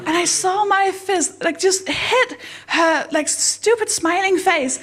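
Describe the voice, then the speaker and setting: A woman performing a stand-up comedy set in a deadpan, self-mocking way, then introducing the next act. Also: measured pace, few pauses. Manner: deadpan self-mocking, with bursts of high excited voices for quoted people.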